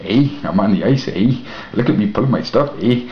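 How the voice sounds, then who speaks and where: A man doing a gruff bearded trucker saying eh. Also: on the low side, lively intonation, fairly quick, a little hiss or hum, pitched above the performer's own voice, natural voice. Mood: boastful. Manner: drawling, tagging every phrase with eh. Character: gruff bearded male Canadian ice road trucker. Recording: echoey room, dull lo-fi mic.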